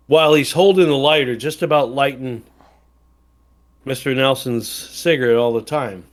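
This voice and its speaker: A man's voice: mid-range voice, moderate pace. A man from Wisconsin co-hosting a podcast, telling a rambling anecdote in casual chat with many fillers and restarts. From Wisconsin, USA. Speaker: podcast co-host.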